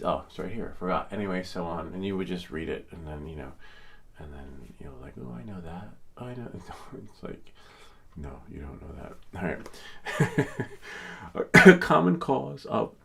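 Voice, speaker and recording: A man with a deep, gravelly voice walks through test questions in a relaxed, chatty way. He reads each question aloud, then breaks off into offhand jokes and asides. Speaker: drone exam tutor. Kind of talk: casual exam walkthrough.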